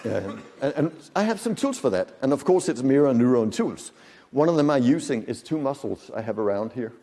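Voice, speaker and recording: A male conference speaker with a mellow, mid-pitched voice talks to a large audience. He is animated and demonstrative and keeps asking the room questions. His voice carries a long reverb from the hall. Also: brisk. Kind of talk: lecture to an audience.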